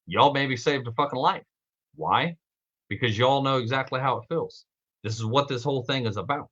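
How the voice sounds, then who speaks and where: Man, podcast host, profane rambling monologue, sharp bright voice, muffled lo-fi sound. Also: mid-range voice, moderate pace, husky. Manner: rambling, heavily profane, excitable. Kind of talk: live-streamed podcast monologue.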